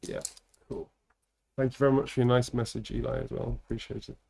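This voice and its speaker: Talking a little fast with vocal fry, this tired livestream host has a warm, mid-range voice with little pitch movement. He chats casually, laughing often while teasing his co-host and thanking the viewers.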